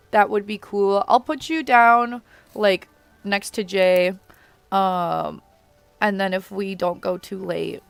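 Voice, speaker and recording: A woman streamer chatting casually with viewers in a raspy morning voice, rambling with lots of fillers and restarts. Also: mid-range voice. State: groggy morning voice, just woke up. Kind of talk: casual livestream chat with viewers.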